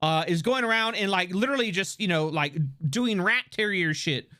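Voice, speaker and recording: Lively, rambling livestream chatter. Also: mid-range voice, normal speed. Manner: rambling, full of fillers and restarts; excitable, laughs often. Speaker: streamer. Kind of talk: casual livestream chat.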